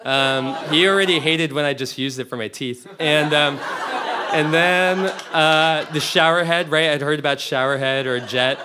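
A young man telling a comic personal story to a live audience, rambling and restarting as he laughs through it. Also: on the high side. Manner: rambling, self-interrupting, laughing often. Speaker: storyteller on stage.

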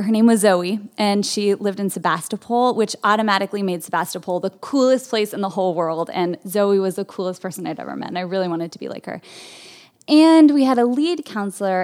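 A woman's voice: medium pitch, darkish tone. Chatty storyteller woman from California. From Berkeley, California. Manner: chatty, full of "like" fillers. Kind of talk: personal storytelling.

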